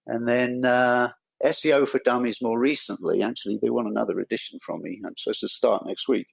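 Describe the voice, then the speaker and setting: A man's voice: mid-range voice, steady tone, a little fast, vocal fry, husky, no room sound, rough recording. An older man with an English accent, a guest author being interviewed on a podcast, telling stories with dry, self-deprecating humor. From England.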